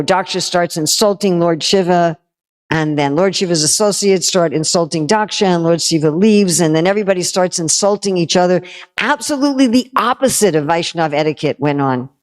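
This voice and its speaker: A woman with a lower voice giving a devotional talk, telling an old story like she is chatting with friends. She mixes teaching with wry, self-aware humor and quick conversational asides. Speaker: spiritual teacher.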